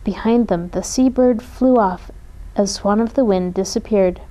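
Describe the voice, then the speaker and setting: A woman reading a children's storybook aloud in a gentle, expressive way. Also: mid-range voice, measured pace, low-quality recording.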